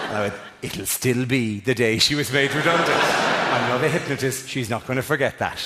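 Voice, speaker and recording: A man with an Irish accent doing a stand-up comedy routine, telling a story with animated delivery and acting out other people's voices. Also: medium pitch, a little fast. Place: theatre stage before a live audience. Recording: live theatre recording, long hall reverb, faint crowd noise.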